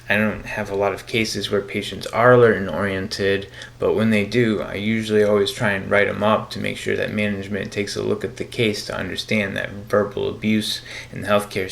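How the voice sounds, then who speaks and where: A man who works as a travel nurse, hosting his own show in a relaxed monologue with lots of fillers. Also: on the low side, gravelly. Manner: relaxed, filler-heavy speech. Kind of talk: casual solo show monologue.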